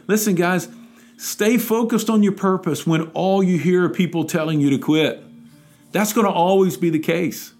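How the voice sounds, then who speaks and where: A man's voice: high voice, moderate pace, darkish tone, soft background music. A man preaching a devotional podcast sermon, exhorting and emphatic, building to urgent peaks.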